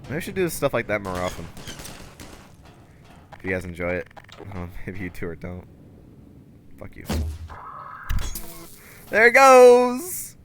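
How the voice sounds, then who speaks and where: Young man, game streamer, casual commentary, laughs a lot, swears, lively pitch, faint hum behind. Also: moderate pace, long pauses. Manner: laughs often, swears, self-mocking.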